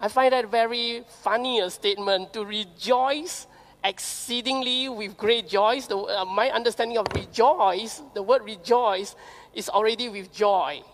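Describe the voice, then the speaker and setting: Woman preacher, Singaporean English accent, fairly high voice, lively sermon, long church hall reverb. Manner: lively storytelling with rhetorical questions, reads scripture slowly.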